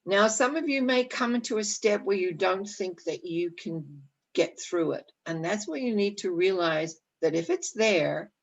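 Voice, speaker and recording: A middle-aged woman giving a motivational talk on setting goals, gently guiding listeners through a visualization and often restarting her sentences. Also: mid-range voice, lively intonation, measured pace, dull audio. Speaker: life coach.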